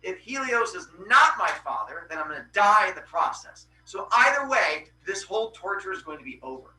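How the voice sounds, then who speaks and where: A man telling a myth voices a bullied teenage boy from an old Greek tale, indignant and bragging about his father. The voice sits high and lively, with a bright, sharp edge, and stays close to a normal speaking voice. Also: normal speed, roomy sound, far from the mic, exaggerated voice, low-quality recording. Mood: determined. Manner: indignant, boastful.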